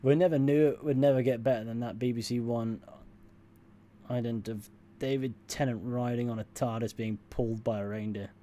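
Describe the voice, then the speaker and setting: A man's voice: medium pitch, steady tone, moderate pace, dark tone, a little hiss or hum. A man from southwest England with a mostly received pronunciation accent touched by West Country and Northern sounds, casually answering viewer questions, rambling and correcting himself. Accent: English, received pronunciation with West Country and Northern touches. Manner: rambling, self-correcting, chuckles often. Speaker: streamer reading chat.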